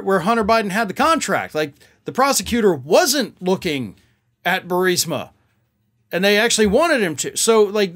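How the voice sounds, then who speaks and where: A man's voice: high voice, a bit bright. A man hosting political commentary, talking in a sarcastic, mocking and exasperated way.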